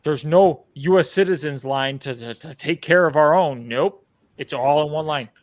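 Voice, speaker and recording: A man co-hosting a livestream, chatting casually and telling an animated story about air travel. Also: fairly high pitch, moderate pace. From United States. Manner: animated storyteller acting out voices. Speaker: livestream co-host. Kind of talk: casual chat.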